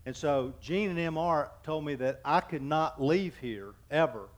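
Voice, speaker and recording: Folksy joking pastor, slightly high voice. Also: male voice. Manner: halting, with frequent restarts. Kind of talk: sermon.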